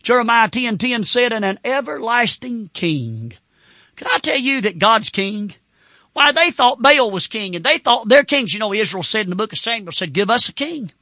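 A man preaching with fervor, breaking into shouts and whoops between his points. His voice sits high and sounds bright and tense. The sound is dry and close, with no room around it. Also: big pitch swings, normal speed, no room sound. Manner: fervent, shouting bursts and whoops. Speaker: Baptist pastor. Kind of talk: sermon.

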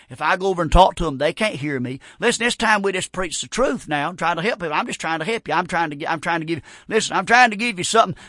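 Man, middle-aged, preacher, high voice, folksy, emphatic, dry close sound. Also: dry recording. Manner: folksy, emphatic, swings from loud preaching to quiet personal remarks. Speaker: pastor. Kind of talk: sermon.

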